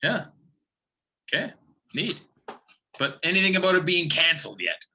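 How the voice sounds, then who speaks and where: A young man from Saskatchewan, chatting casually as a podcast guest and telling rambling, animated stories. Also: high voice, moderate pace. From Saskatchewan, Canada. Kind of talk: casual chat.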